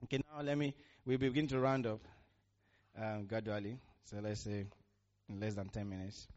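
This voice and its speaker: A man's voice: fairly low pitch, flat delivery, normal speed, darkish tone. Male preacher, sermon delivery, emphatic call-and-response, lo-fi sound. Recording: muffled lo-fi recording.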